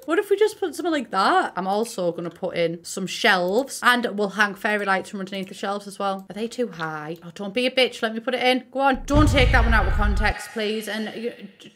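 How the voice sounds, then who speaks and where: A woman's voice: mid-range voice, a bit bright. Chatty sweary Middlesbrough woman. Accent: Middlesbrough English. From Middlesbrough, England. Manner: chatty, sweary, self-mocking, talks to herself. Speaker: gaming YouTuber. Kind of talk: casual building commentary.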